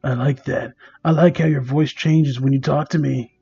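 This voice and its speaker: A man voicing a sinister male demonic hedgehog, speaking low and hushed with a creepy, menacing edge. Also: steady tone, moderate pace, gravelly, husky, muffled recording.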